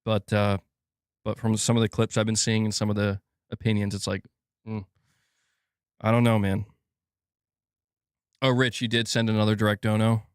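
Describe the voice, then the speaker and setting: A man's voice: lowish voice, level tone, moderate pace, long pauses, smooth, no room sound, clean studio sound. A man hosting a casual gaming news livestream, reading donations aloud and joking and laughing with his chat.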